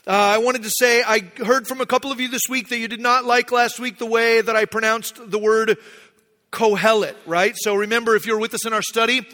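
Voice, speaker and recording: Bright-voiced man preaching in a hall. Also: very high voice, little pitch movement, brisk, hardly any pauses. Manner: conversational, self-deprecating. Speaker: pastor. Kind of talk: sermon. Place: church sanctuary.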